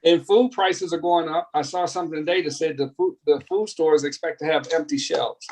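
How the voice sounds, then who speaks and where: A man with a fairly high voice talks in a loose, rambling way during a casual political chat and laughs often. A faint hiss sits under the recording. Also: fairly even intonation, a little fast, a little mellow, poor audio.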